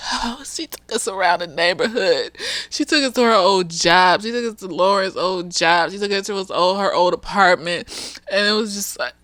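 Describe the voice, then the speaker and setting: A woman's voice: medium pitch, moderate pace, fairly bright tone, dry recording. Chatty, profane woman recapping a show. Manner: chatty, frank and profane, with slangy asides. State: slightly tipsy. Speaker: therapist reviewing a TV episode. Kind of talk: casual TV recap vlog.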